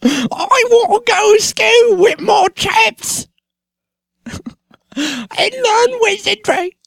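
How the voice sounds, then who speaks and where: A man putting on the voice of a young posh male schoolboy wizard, very high and drawn out. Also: animated, very slow, creaky, fairly bright tone, dry recording, clean studio sound, full character voice. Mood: pleading.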